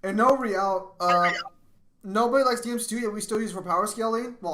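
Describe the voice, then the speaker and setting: A man's voice: sits high, fairly quick, a little hiss or hum. A male streamer chatting on a live stream. He swears freely and gets worked up over games and films, laughing as he goes. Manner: profane, excitable, laughs often. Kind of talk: casual live-stream chat.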